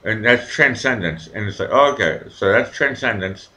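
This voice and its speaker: A man's voice: on the low side, normal speed, rough recording. A man hosting a live talk show, rambling and swearing freely as he tells stories. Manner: rambling, profane, animated storytelling. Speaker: show host. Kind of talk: casual live chat.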